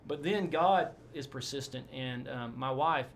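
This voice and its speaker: A man, a pastor, telling stories in a casual interview, rambling and animated with many asides. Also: mid-range voice, unhurried, slight background noise.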